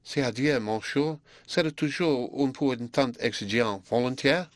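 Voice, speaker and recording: A man voicing a shy, earnest young Belgian woman, speaking softly and hesitantly. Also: mid-range voice, normal speed, no room sound, close to an everyday voice. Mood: shy, tender. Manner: soft, quiet and hesitant.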